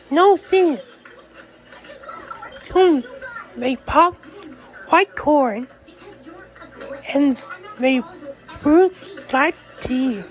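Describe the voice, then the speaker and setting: A woman reading a picture book aloud in a slow, rhythmic, sing-song way. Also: high voice, poor audio. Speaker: storyteller.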